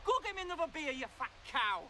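A man's voice: extremely high pitch, fast talker, slight background noise. Brash, boastful Yorkshire man. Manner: brash, boastful, deadpan bragging. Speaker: comic presenter. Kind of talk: comic travel-show narration and sketch.

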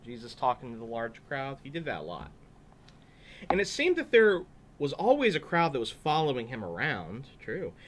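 Man telling a kids' story, animated, chatty, lively pitch, mid voice. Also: moderate pace, a little hiss or hum. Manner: animated, chatty, asides to kids. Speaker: pastor. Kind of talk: children's story reading.

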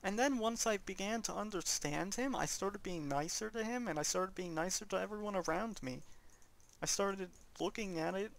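Earnest high-voiced young man, gravelly. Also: moderate pace, fairly bright tone. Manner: earnest, rambling, heartfelt. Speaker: let's play commentator. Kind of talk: casual gaming commentary chat.

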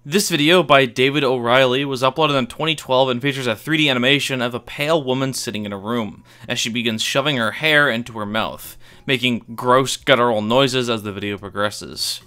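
A man narrates a scripted YouTube iceberg explainer in a clean, crisp, sharp-toned mid-range voice, speaking a little fast with few pauses. His delivery is wry and offhand, full of casual asides and the odd swear word played for laughs.

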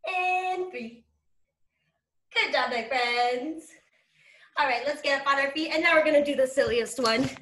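A woman leads little children through an online circle time, her voice high and bright. She talks slowly and cheerfully in a sing-song way, dropping to a whisper for quiet moments. The sound comes through a video call from an echoey room. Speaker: preschool teacher.

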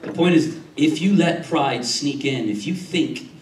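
Speaking at an unhurried pace in a slightly high voice, a male pastor delivers a sermon full of repetition and frequent "Amen?" checks to his congregation. It was captured from a distance in a roomy church sanctuary, with slight background noise.

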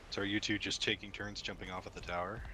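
A man's voice: on the low side, level tone, fast talker, pushed and bright, slight background noise. A man chatting easily with friends while playing a game. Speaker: fellow player. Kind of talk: casual gaming chat.

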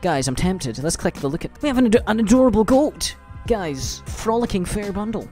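A young man commentating a live gaming stream, excitable, swearing casually and laughing often. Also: high voice, moderate pace, soft background music.

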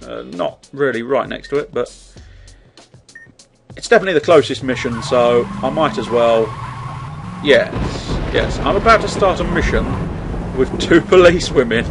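A man's voice: mid-range voice, animated, normal speed. A man commenting on his gameplay in a chatty, wry way, swearing often. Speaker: let's play host. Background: game sounds and music.

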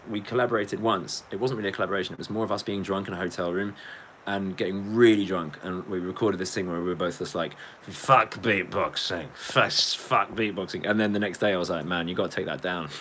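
A man's voice: sits low, quick pace, fairly bright tone, slight background noise. A man and beatboxer chatting casually on a live stream. He rambles, jokes, swears freely and often breaks into laughter. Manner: rambling, jokey, swears a lot, cracks up laughing.

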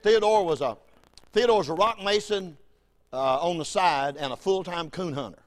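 A high-voiced man preaches from the pulpit. He tells a folksy story and swings from loud exclamations to near-whispered asides. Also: normal speed. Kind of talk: storytelling sermon.

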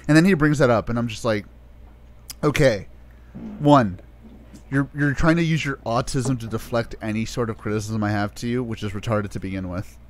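Profane, animated podcast storyteller man. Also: mid-range voice, normal speed. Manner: profane, animated storyteller acting out his side of arguments. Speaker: podcast co-host. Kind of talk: casual podcast chat.

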